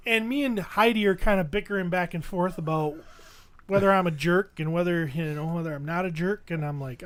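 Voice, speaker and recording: Male podcast host, animated storyteller, bright tone. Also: high voice, a little fast. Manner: animated storyteller, acts out quotes. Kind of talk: casual chat, storytelling.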